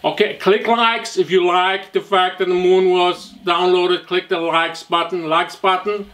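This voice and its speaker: A man's voice: high-pitched, little pitch movement, unhurried, fairly bright tone. A man doing a mock-earnest comedy bit as a presenter, rambling loosely from point to point.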